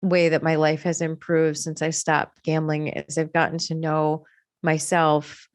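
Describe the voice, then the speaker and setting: Earnest, low-voiced woman sharing her recovery. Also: level tone, a little slow, no room sound. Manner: earnest, reflective. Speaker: podcast co-host in recovery. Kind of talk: reflective personal sharing.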